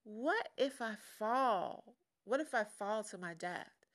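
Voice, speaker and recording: A woman's voice: mid-range voice, expressive, slow, a bit bright, dry recording, studio quality. Woman doing a scared little baby bird, timid, clinging, storybook telling. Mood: afraid.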